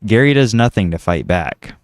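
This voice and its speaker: Smooth, low-voiced male narrator. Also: moderate pace, no room sound. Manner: matter-of-fact, steady narration. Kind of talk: reading a comedic script aloud.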